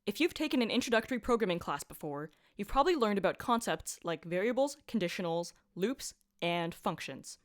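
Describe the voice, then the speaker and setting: A woman's voice: mid-range voice, lively intonation, brisk, few pauses. Upbeat woman narrating a programming lesson. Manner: upbeat, playful explanations with punchy asides. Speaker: computer science lecturer. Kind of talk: scripted lecture narration.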